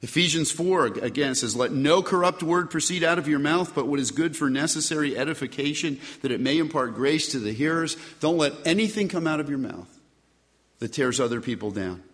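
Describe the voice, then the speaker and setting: A pastor preaching a sermon, stressing key phrases with rising and falling delivery. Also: male voice, on the high side, animated, fairly quick, a bit bright. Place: church sanctuary. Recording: long reverb of a church hall.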